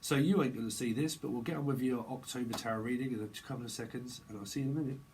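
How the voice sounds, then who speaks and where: A man's voice: medium pitch, racing, a little mellow, a little hiss or hum, low-quality recording. Rambling, laughing man. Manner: rambling, laughs often, slangy and playful. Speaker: tarot reader. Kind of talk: casual chatty tarot reading.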